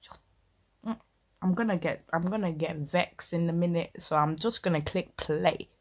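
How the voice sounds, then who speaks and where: A young woman fires off indignant, slang-heavy reaction commentary. Her voice sits a little low and sounds husky, and she talks in a casual, ranting rush. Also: a little slow. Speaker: reaction video host.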